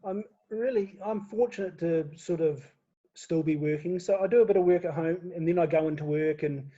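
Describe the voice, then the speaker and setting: A man with a high voice talks casually as an interview guest, laughing often and tripping over his words as he goes. The sound is dull and lo-fi, like a video call. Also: moderate pace. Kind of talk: casual chat.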